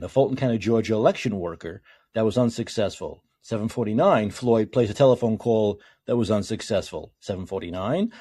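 A husky male talk show host whose pitch swings widely as he moves between flat read-aloud passages and fired-up, swearing tirades. His tone turns mocking and exasperated when he argues. It's a single-voice political monologue. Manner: heated, sarcastic, profane ranting between calmer read-aloud passages. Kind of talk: reading legal documents aloud and ranting.

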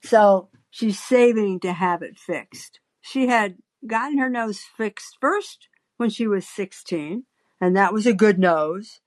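A woman's voice: medium pitch, takes it slowly. A woman hosting a call-in podcast, telling a rambling, anecdotal story full of fillers and restarts. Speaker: podcast host.

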